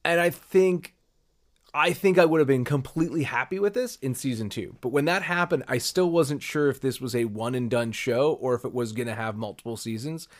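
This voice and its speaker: A podcast co-host speaks briskly in a mid-range voice. He chats casually and rambles, acting out quoted reactions as he goes.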